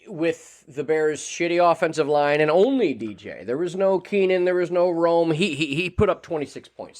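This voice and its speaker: A man co-hosting a casual fantasy football podcast, rambling with many repeated words and restarts. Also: fairly high pitch. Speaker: podcast co-host.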